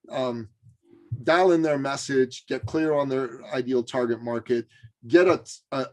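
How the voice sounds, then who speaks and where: A man telling a story as an interview guest, animated and full of fillers and restarts. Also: medium pitch.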